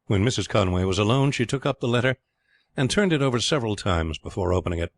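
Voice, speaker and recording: A man narrating an audiobook in a steady, clear storytelling manner. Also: fairly low pitch, fast talker, no echo. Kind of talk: scripted narration.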